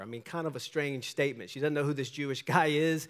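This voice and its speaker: A man's voice: on the high side, quick pace, hardly any pauses, a bit bright. A pastor preaching a sermon, emphatic and full of questions to the listeners, often acting out the people in his story. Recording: long hall reverb.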